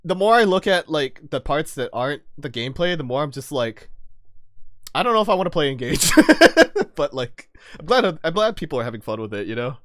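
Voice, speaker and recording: A man's voice: fairly high pitch, sing-song, brisk, no echo, studio quality. A man streaming a video game live, chatting casually with viewers in a giggly, rambling way, often laughing and sometimes swearing.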